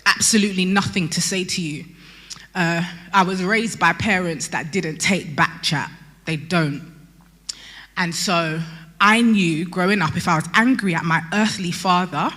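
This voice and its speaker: Woman, late 20s, candid testimony with humour, bright tone, hall reverb. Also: on the low side, a little slow. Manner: candid storytelling with light humour. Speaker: youth convention speaker. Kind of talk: personal testimony.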